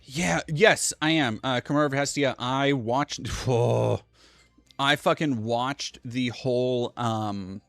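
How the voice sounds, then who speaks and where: A man's voice: medium pitch, takes it slowly, creaky, no room sound. A young man hosting a livestream, ranting casually and profanely in a rambling way. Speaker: livestream host.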